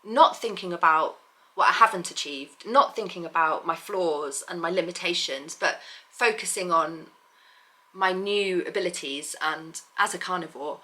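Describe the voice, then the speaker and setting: A woman's voice: fairly low pitch, normal speed, sharp tone. A woman vlogger talking candidly in a casual personal update, rambling with fillers and restarts.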